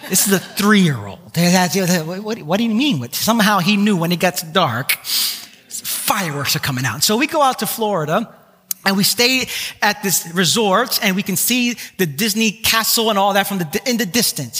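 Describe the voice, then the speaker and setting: High, bright-voiced male preacher in a reverberant hall. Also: normal speed, husky. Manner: animated anecdotes, acts out voices, self-mocking humor. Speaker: pastor. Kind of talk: sermon with personal storytelling. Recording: long reverb of a large hall.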